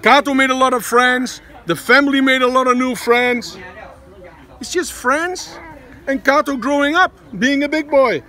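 A man's voice: very high-pitched, moderate pace, bright, forceful tone. A man with a Dutch accent, a vlogger father chatting casually and teasingly, often tagging his lines with "eh?". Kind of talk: casual family vlog chat. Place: outdoors at a busy school.

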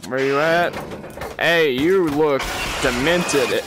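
A man's voice: on the high side, slow, background noise. A man hosting a gaming channel, giving let's-play commentary while nervous, jumpy and laughing often.

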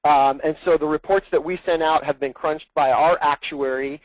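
A man's voice: a little high, steady tone, moderate pace, dry recording, low-quality recording. A man acting as plan administrator guest on a training call, explaining earnestly and at length, often repeating his words.

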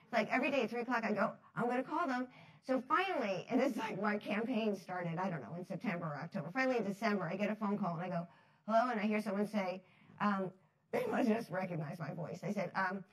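Woman, storytelling talk, fairly high voice, animated, chatty, acts out quotes, laughs often. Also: fairly quick, low-quality recording. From New Jersey. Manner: chatty, many fillers like "like". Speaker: speaker at a foundation talk series.

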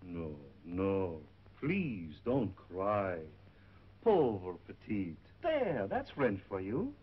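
An actor playing a smooth-talking middle-aged male shop owner with oily, ingratiating charm, in 1930s film acting on a dull 1930s film soundtrack. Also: lowish voice, sing-song, drawn-out words, exaggerated voice. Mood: coaxing.

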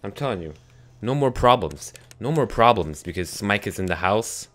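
A young man giving let's play commentary on a horror game, swinging from hushed muttering to sudden yelps. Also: on the low side, animated, normal speed. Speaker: gaming YouTuber.

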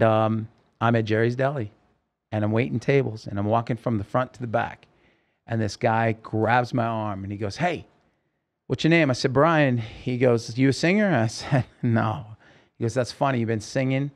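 A man's voice: medium pitch, steady tone, normal speed. A middle-aged man, a singer, telling a long personal story in an interview and acting out the lines of people in it. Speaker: podcast guest, singer.

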